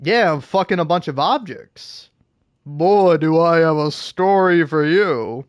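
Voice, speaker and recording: A man's voice: a little high, animated, a little slow, smooth, no echo, studio quality. Profane ranting man, game commentary. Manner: ranting, profane, laughing at himself. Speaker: gameplay streamer.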